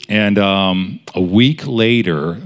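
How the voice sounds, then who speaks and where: A man's voice: lowish voice, takes it slowly. A man in his thirties preaching a sermon in a casual, storytelling way, with many fillers. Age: 30s.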